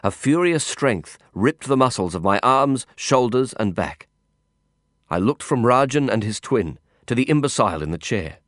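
A man giving scripted first-person audiobook narration in a measured, intense storytelling manner. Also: mid-range voice, animated, a bit bright, no echo, studio quality.

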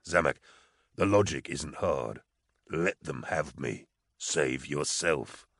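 A placid condemned prisoner, calm and detached, as a male narrator voices him in an audiobook. The voice sits very deep and low in the chest and is softer than the narration around it. It is recorded close and dry. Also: slow, no echo, exaggerated voice. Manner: placid, reasoned, quietly detached.

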